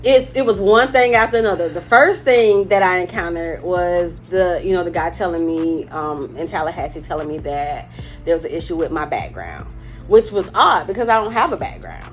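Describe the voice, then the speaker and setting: A woman's voice: lowish voice, lively intonation, moderate pace, soft background music. A woman in her forties, a firearms instructor, telling her story candidly in a casual interview. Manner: candid storytelling, breaks into laughter retelling.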